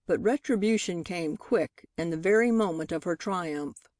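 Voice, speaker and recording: A woman narrating a novel in a measured, expressive storytelling manner. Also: on the low side, no echo, studio quality. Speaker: audiobook narrator. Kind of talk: scripted narration.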